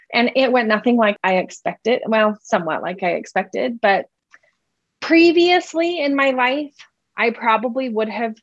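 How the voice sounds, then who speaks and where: A woman's voice: a little high, dry recording. Woman telling a heartfelt parenting story. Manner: conversational, heavy use of "like" and "right?". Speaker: mother sharing a parenting story. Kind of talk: personal storytelling talk. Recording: dull, slightly muffled sound.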